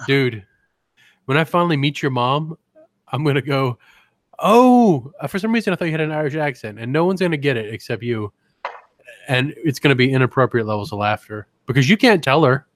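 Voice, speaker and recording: A man's voice: medium pitch, fairly quick, dry recording. A man co-hosting a comedy podcast, rambling and crude in casual chat, often breaking into giggles. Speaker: podcast co-host.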